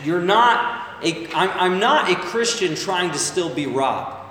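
Preacher, male, slightly high voice, chatty sermon full of "right?", long echo. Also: expressive, takes it slowly, fairly bright tone, slight background noise. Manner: conversational, asks the crowd "right?" often. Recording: echoey hall, voice from far off. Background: congregation calling back.

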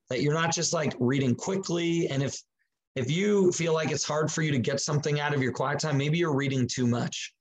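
A man giving relaxed, practical advice on daily Bible reading and prayer, talking conversationally with frequent fillers and restarts. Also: a little high, breathy edge, poor audio. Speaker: Christian teacher. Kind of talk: casual teaching talk.

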